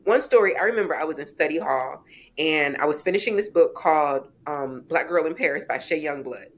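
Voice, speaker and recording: A woman in her forties, a guest author on a podcast, telling stories in a lively way and acting out quoted voices. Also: sits low, fairly quick. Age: 40s. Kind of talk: podcast interview storytelling.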